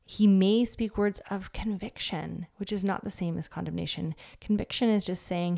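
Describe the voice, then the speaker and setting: A woman's voice: mid-range voice, fairly even intonation, normal speed, vocal fry, hardly any pauses, warm tone. A woman in her thirties giving a casual devotional talk, speaking conversationally with fillers and acting out little quotes. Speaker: Christian speaker.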